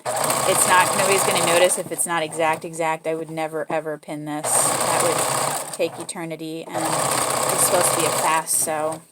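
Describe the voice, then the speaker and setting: A woman's voice: low voice, little pitch movement, normal speed, very noisy. A woman with a Southern US accent hosting a casual sewing tutorial, chatty and easygoing, correcting herself as she works. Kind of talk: casual step-by-step sewing demonstration.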